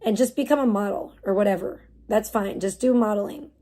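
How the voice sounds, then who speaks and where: With a warm, mid-range voice and a slightly fast pace, a young woman from the US hangs out on a livestream. She swears freely and replies to her chat with exasperated bemusement.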